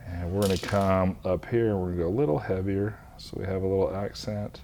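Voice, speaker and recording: A man, a craft instructor, talking through an epoxy resin demonstration step by step in a relaxed way. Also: low voice, fairly quick, slight background noise.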